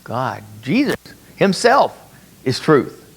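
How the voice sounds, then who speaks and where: A man's voice: a little high, wildly swooping pitch, slow, vocal fry, breathy edge. A man leading a conversational Bible study, explaining through rhetorical questions and repeating his key points. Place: church meeting room.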